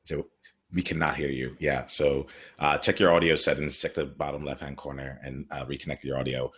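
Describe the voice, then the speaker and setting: A man hosting a video call, calmly directing who speaks next. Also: a bass voice, fairly quick, husky. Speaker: host.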